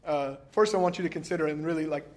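A man preaching a sermon, reading scripture slowly and commenting emphatically, often laughing. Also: fairly high pitch.

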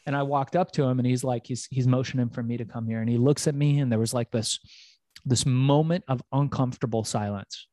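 A middle-aged man, a podcast guest, telling his own story in an animated way, swearing freely and acting out the voices of people he quotes. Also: medium pitch, brisk, no room sound.

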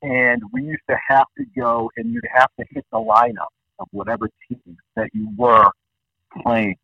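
A man in his fifties, a guest calling in, telling rambling nostalgic stories in an animated way. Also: sits high, moderate pace, gravelly, dry recording. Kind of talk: casual storytelling. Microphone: phone line. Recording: dull phone-call audio.

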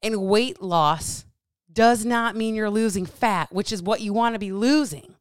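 A woman's voice: medium pitch, a little slow, smooth, no echo, studio quality. A woman hosting a solo podcast as a coach, talking bluntly with plenty of swearing and getting heated up. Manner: blunt, profane, fired-up; animated with hands.

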